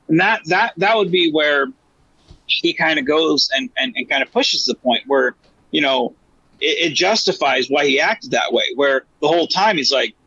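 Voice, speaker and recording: A man co-hosting a podcast in casual chat, animated and acting out characters' lines in a raised voice. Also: a little high, moderate pace, creaky, slightly rough, dull audio. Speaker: podcast co-host.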